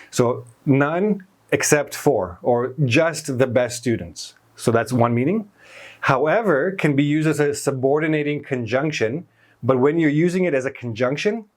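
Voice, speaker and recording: A man teaching English grammar in a whiteboard lesson, explaining each example step by step, stressing key words and correcting himself mid-sentence. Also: medium pitch.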